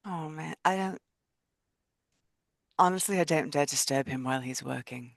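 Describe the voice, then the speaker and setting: A woman's voice: low voice, normal speed, creaky, no echo. A woman player speaking in character in a tabletop game, hesitant and prone to restarting her sentences. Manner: hesitant, with repeated starts.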